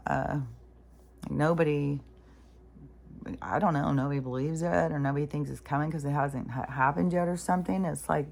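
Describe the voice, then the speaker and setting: A woman's voice: low voice, creaky. A woman venting in a rambling, profane monologue for her vlog, sounding mentally exhausted. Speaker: spiritual vlogger.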